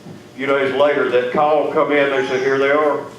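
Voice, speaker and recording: A man's voice: mid-range voice, level tone, moderate pace. Folksy man testifying in an echoey hall. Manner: emotional, folksy storytelling with swings of loudness. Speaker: testimony speaker. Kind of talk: spoken testimony to an audience. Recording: echoey room, far mic, noisy.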